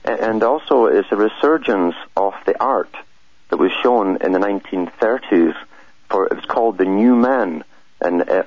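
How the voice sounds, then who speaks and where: A man with a very deep, husky voice speaks earnestly as a radio guest, often stumbling and restarting. The sound is dry and muffled, like a radio broadcast. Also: darkish tone, dry recording. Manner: earnest, halting, many restarts. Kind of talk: talk radio conversation.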